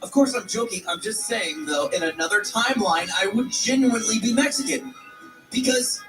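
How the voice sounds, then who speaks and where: A young man co-hosting a livestream, ranting loudly and profanely, often shouting. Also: high-pitched, lively intonation, normal speed, far from the mic, low-quality recording. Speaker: livestream co-host. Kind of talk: rowdy livestream banter. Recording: off-mic with loud music behind. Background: music.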